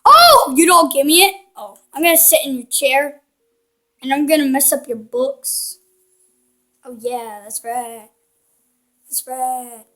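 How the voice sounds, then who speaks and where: A woman's voice: high voice, lively intonation, takes it slowly, long pauses, bright, forceful tone. A woman commenting casually while playing a video game, playful and cheeky, teasing the characters on screen. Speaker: gaming channel host. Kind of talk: casual let's-play commentary.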